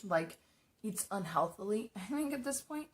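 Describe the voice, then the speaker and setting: A woman's voice: medium pitch, expressive, moderate pace, a little hiss or hum. A young woman casually telling stories while doing her makeup, chatty and rambling, swearing freely. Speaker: makeup streamer.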